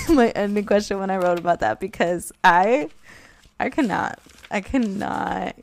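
A woman's voice: medium pitch, wildly swooping pitch, measured pace, vocal fry. Chatty young woman podcasting solo. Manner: chatty and candid, lots of fillers and laughter. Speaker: podcast host. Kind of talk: casual solo podcast chat.

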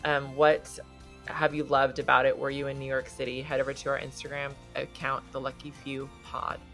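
A woman with a low voice co-hosts a podcast, chatting casually and telling stories full of "like" fillers. Faint music plays underneath. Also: level tone, normal speed, vocal fry, fairly bright tone. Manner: chatty storyteller, lots of "like" fillers. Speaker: podcast co-host. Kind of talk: casual chat.

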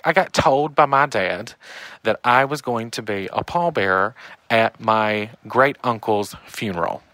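A man telling a funny story in a voicemail. He talks with emphasis and acts out the shouted quotes. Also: medium pitch, no echo. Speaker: caller leaving a voicemail story. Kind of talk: animated comic storytelling.

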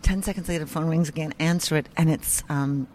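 A low-pitched woman chats as an interview guest, telling a story in a loose, animated way and cursing casually. She acts out the people she quotes. There is a faint hiss behind her. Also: a little fast. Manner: animated, swears freely, acts out quoted voices.

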